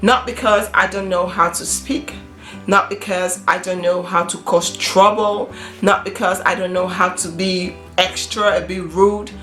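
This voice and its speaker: A woman's voice: fairly low pitch, measured pace. Woman vlogger, mother; heartfelt and emphatic, restarts phrases; roomy sound, faint guitar bed. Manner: earnest, repeats and restarts phrases, animated emphasis. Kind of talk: casual talk to camera. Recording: echoey room with soft guitar music.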